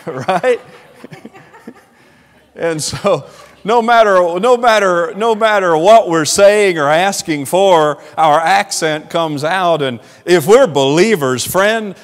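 Southern male pastor, fairly high voice, lively sermon, long church reverb. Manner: animated preaching, rising and falling in volume, laughing asides. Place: church sanctuary.

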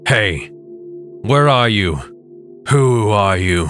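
A man's voice: fairly low pitch, lively intonation, extremely slow, a bit bright, soft background music, full character voice. A man voicing a curt, suspicious man in a horror story. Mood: tense, gruff. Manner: curt, commanding. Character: deep-voiced, gruff, suspicious man.

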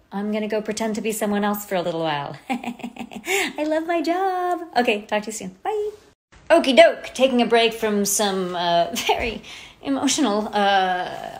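A woman chatting playfully and jokingly to followers in a casual phone vlog at home. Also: medium pitch. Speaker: actor taking over a social media account. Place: at home, garden and office. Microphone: phone at arm's length.

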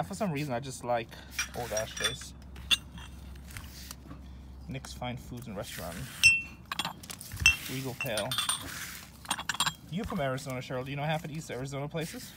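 Filmed on a handheld phone indoors at a shop, a vlogger showing off a collection reads labels aloud in short bursts, mumbling casual asides as he goes. His mid-range voice is animated, at a moderate pace with long pauses. Loud clinking and handling noise fill the recording.

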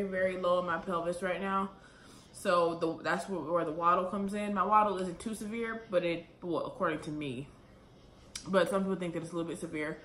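A young pregnant woman talking to camera in a casual vlog, a little out of breath and rambling quickly with lots of fillers. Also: fairly low pitch, fairly bright tone. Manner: chatty, rambling, fast with many fillers. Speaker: vlogger. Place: room at home, late at night. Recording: echoey room with faint ambient noise.

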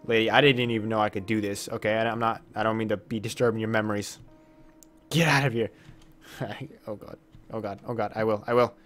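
Over soft background music, a man with a fairly low, slightly bright voice delivers let's play commentary flatly and quickly. The gaming YouTuber is playing a horror game, jumping at scares, exclaiming with minced oaths, and reading the dialogue out loud.

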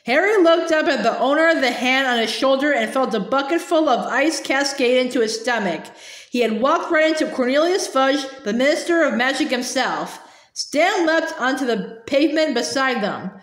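A woman reading a storybook aloud in a steady, expressive narrating voice. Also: high voice, normal speed. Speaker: reader. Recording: roomy echo.

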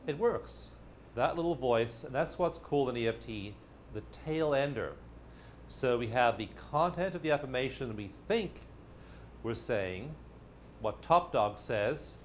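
A man's voice: mid-range voice, expressive, unhurried, slight background noise. A man giving a casual, jokey teaching talk who acts out inner voices as he goes. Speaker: therapy method teacher. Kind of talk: casual explanatory video talk.

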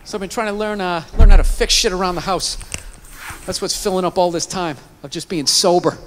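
A man's voice: high-pitched, fairly even intonation, brisk, fairly bright tone. A man doing a stand-up comedy routine, ranting in an exasperated, profane way. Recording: echoey hall, faint noise.

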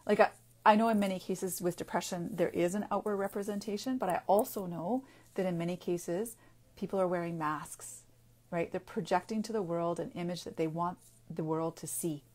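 A woman speaking off the cuff in a personal video, earnest and halting, with frequent restarts and pauses as she searches for words. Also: fairly low pitch, a little mellow. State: getting emotional. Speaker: naturopathic doctor and author. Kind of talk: unscripted personal video talk.

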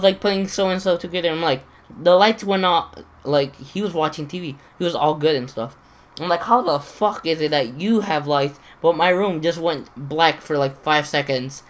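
A young man telling a story to his channel, rambling and swearing constantly, with lots of fillers and restarts. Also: mid-range voice. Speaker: gaming channel host. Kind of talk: casual storytelling to camera.

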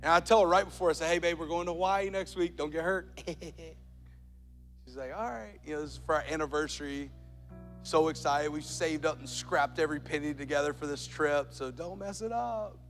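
A man preaching a sermon as pastor, telling a story and building to loud, emphatic points. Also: on the high side, fairly even intonation, a little fast. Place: large church auditorium. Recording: church hall reverb with soft music.

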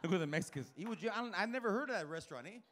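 A male stand-up comedian doing a live club set, profane and animated, acting out characters and bursting into loud shouts. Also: sits high, racing, slight background noise. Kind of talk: live stand-up with crowd work.

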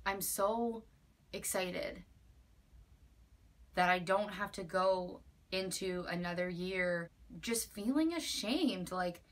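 A woman's voice: mid-range voice, a bit bright. Woman, 20s, vlogger; heartfelt and emphatic, everyday mid-range voice, close to tears at moments. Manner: earnest, emphatic, with many likes and repeated phrases. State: near tears at times. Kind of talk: personal heartfelt vlog.

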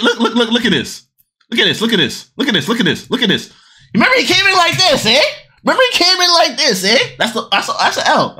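Excitable high-voiced woman reacting to videos. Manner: excitable, loud, repeats phrases, swears often. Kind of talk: casual video reaction commentary.

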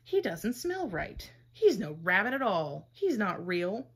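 A woman's voice: mid-range voice, very animated, slow pace, slightly rough, heavily acted. A woman voicing a bold, teasing male wild rabbit in a storybook read-aloud, speaking in a taunting, boisterous way. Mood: scornful.

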